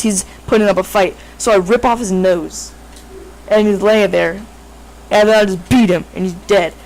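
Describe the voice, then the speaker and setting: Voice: mid-range voice, rough recording. A casual storyteller making up a tale on the spot, the talk loose and rambling. Fillers pile up and sentences restart as the speaker corrects themselves mid-thought. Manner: rambling, filler-heavy, frequent self-corrections.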